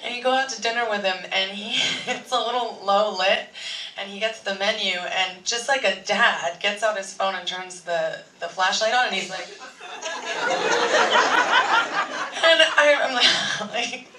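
An actress on a convention panel telling rambling, giggly anecdotes with many "like"s. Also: female voice, medium pitch, measured pace, bright, forceful tone. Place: large convention hall. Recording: echoey hall, far from mic, faint noise.

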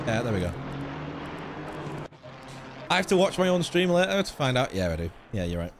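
A man's voice: mid-range voice, sing-song, normal speed, background noise. A young man hosting a racing live stream, chatting in a rambling, casual way with his viewers. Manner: rambling, chatty, talks to chat. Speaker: sim racing streamer host.

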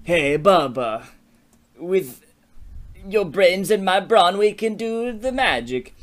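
A small, scheming male imp demon, put on by a man in a raised, drawn-out voice. He coaxes slowly and persuasively, like a sly little tempter. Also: high-pitched, expressive, pitched above the performer's own voice. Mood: coaxing.

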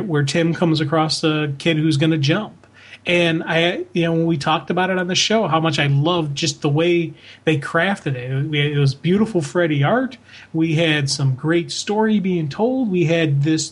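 Heartfelt, rambling male podcast co-host. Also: fairly high pitch. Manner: rambling, heartfelt, many fillers and restarts. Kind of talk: casual chat.

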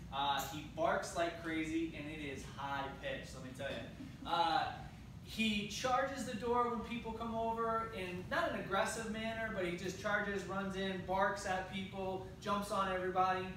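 Man dog trainer, echoey and distant. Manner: friendly, praises dog in high sing-song bursts. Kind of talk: casual video talk. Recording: echoey, far from mic, noisy background.

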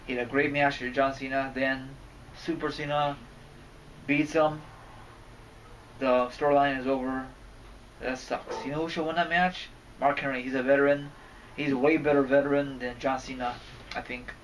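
A man's voice: medium pitch, level tone, moderate pace, pauses often. A man giving a rambling, casual rant as a wrestling fan vlogger, cursing and getting irritated as he goes. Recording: distant mic, faint background noise.

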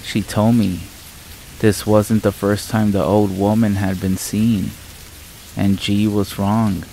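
A man reading scary stories aloud in a calm, measured narration. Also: on the low side, vocal fry, slight background noise, rough recording. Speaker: horror story narrator. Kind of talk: scripted horror narration. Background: rain and thunder ambience.

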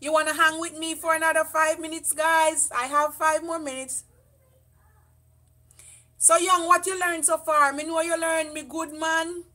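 A middle-aged woman with a Jamaican accent holds a casual livestream chat with her viewers. Her voice sits high and rings bright and forceful. She talks loudly and lets patois run through her English. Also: a little slow. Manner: loud, lively, mixes patois into English. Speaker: beauty vlogger.

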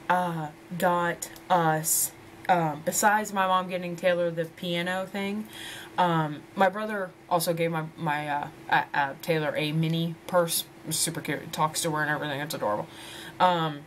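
A woman in her twenties talks to camera in a loose, rambling vlog chat. Her voice sits on the low side, and she laughs often as she calls her viewers ladies. A faint hiss of noise runs under the recording. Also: fairly even intonation, a little slow. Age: 20s. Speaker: vlogger.

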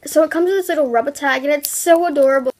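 High-voiced young woman gushing over squishies. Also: fast talker, a little hiss or hum, low-quality recording. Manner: gushing, excitable, many exclamations. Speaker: vlogger. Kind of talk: casual product unboxing.

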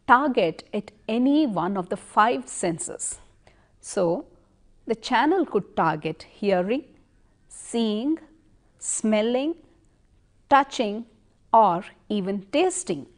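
Slow, deliberate woman lecturing. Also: medium pitch, darkish tone. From India. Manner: slow, deliberate, stresses words for examples. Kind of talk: educational lecture.

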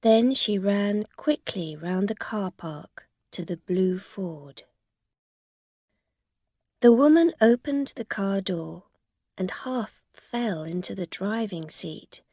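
Slow calm woman reading a story, gravelly voice, dry. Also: medium pitch, no room sound. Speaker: narrator. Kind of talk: slow storybook narration for English learners.

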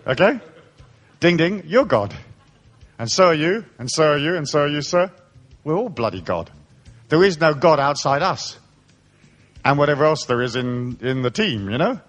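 A man's voice: medium pitch, expressive, normal speed, pauses often, fairly bright tone. A man giving a live spiritual lecture, irreverent, joking and profane. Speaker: spiritual speaker.

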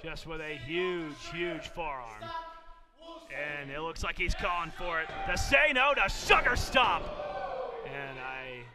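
A man calling a wrestling show as play-by-play commentator, hyping the action with excitement. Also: a little high, slow. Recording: commentary with loud music behind.

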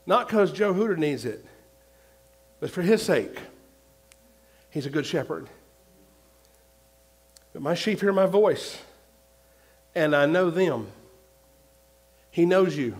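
A male pastor preaching a sermon, repeating his points and swinging between loud and hushed. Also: fairly high pitch, expressive, slow, pauses often, slightly rough.

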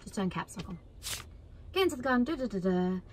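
A woman commentating her own gameplay in an excitable way, cheering, shouting and laughing at the screen. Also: mid-range voice, quick pace, slight background noise. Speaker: gaming video creator. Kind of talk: let's play commentary.

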